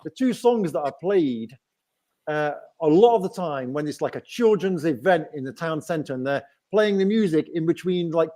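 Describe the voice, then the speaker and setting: A man's voice: on the high side, animated, normal speed, mellow. A man with a Nottingham English accent hosting a casual livestream chat, rambling and often asking "right?". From England. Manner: chatty, rambling with frequent "right?". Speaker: host.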